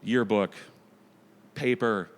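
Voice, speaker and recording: A man's voice: fairly low pitch, steady tone, big-room sound. A man from Wisconsin, a comedy producer, chatting casually and agreeably on a podcast. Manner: affable, agreeable, quick to back others up.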